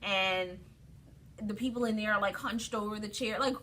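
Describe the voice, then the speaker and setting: Sex: woman. Role: co-host. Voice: bright. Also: medium pitch, moderate pace. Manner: animated, opinionated storytelling. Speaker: podcast co-host. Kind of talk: casual chat.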